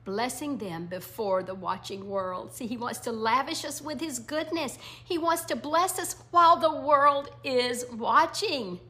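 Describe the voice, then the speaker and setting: Slow, earnest woman teaching scripture. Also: high voice. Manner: slow, earnest, often drops to a soft near-whisper; speaks song lyrics in a slow cadence. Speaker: Bible teacher. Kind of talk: devotional Bible lesson.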